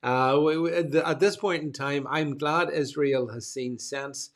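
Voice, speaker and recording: A man's voice: on the high side, unhurried. A man hosting a casual panel discussion, rambling with many restarts and fillers. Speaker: host.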